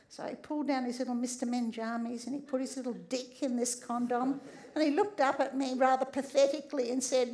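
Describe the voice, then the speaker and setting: A middle-aged woman with a high voice, a sex therapist, gives a humorous public talk to a room at a fairly quick pace. She tells stories with liveliness, keeps checking in with listeners, and ends many lines with "all right?".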